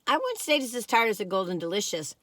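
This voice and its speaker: A woman in her sixties talks through a casual vlog review, wandering off topic and poking fun at herself. Her slightly squeaky, mellowed voice sounds bright and forward. The recording is close and dry. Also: big pitch swings, fast, dry recording. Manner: rambling, chatty, self-deprecating, wanders off topic. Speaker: vlogger.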